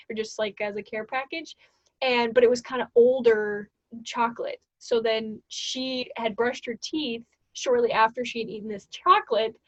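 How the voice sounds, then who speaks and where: A woman's voice: fairly high pitch, no room sound. A young woman co-hosting a podcast, telling stories in a chatty way and giggling often. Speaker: podcast co-host. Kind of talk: casual podcast chat. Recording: dull lo-fi dry sound.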